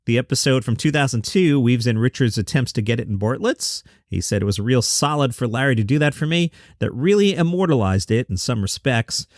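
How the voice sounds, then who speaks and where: A man's voice: medium pitch, lively intonation, a little fast, hardly any pauses, no room sound, studio quality. A man hosting a comedy news podcast, reading old press quotes aloud and adding wry, sarcastic asides.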